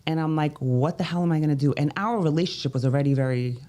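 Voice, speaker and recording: A woman's voice: fast, warm tone. A woman from Brooklyn, a business coach telling her life story candidly as a guest, breaking off to voice other people. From Brooklyn, New York. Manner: candid storytelling with restarts, voicing others in raised pitch. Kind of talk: interview.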